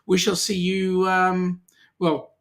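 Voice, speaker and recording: A middle-aged Australian man hosts a relaxed live-stream chat about cruising, his voice sitting a little higher than most men's. He greets viewers by name and teases them good-naturedly. His talk is loose, with frequent ums and uhs. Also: slow pace, gravelly. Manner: chatty, teasing, many ums and uhs. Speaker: co-host of a weekly cruising chat. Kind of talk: casual live-stream chat reading comments.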